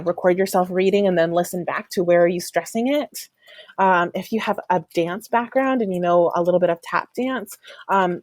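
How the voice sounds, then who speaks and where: A woman teacher talks through a recorded online lesson in a fairly low voice. She explains step by step, fills pauses with "um," and sounds out rhythms aloud. The sound is dry and close, with no room around it. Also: no echo. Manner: explanatory, frequent "um" fillers, demonstrates stress patterns aloud. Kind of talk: recorded online class lecture.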